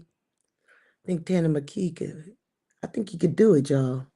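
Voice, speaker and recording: A woman's voice: medium pitch, very animated, unhurried. Fired-up woman ranting about her football team. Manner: fired-up, emphatic, repeats lines, swings between shouting and muttering. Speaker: livestream host. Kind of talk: casual sports rant to live chat.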